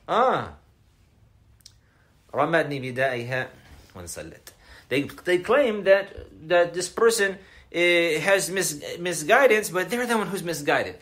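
A man's voice: on the high side, lively intonation, normal speed, a bit bright. A man giving a religious lecture, emphatic and repetitive, often asking his listeners questions. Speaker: Islamic lecturer.

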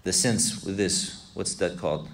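Male religious teacher, deep voice, repeats himself, quizzes the class. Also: measured pace. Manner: repetitive, asks students questions, mixes Arabic recitation. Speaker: Islamic teacher. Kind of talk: classroom lesson explaining a text.

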